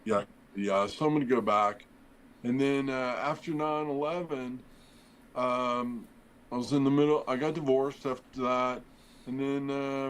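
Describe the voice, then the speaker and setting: A man's voice: medium pitch, slight background noise, poor audio. A middle-aged man, a former firefighter and podcast guest, telling a long story in a casual, rambling way, acting out the dialogue with plenty of fillers. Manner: rambling, acts out quoted dialogue, many fillers.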